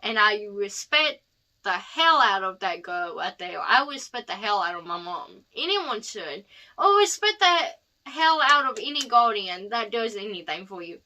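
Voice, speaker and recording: A woman's voice: medium pitch, sing-song, unhurried, bright, forceful tone. A young woman telling a personal story in a chatty, heartfelt vlog, rambling with asides. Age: young adult. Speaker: vlogger.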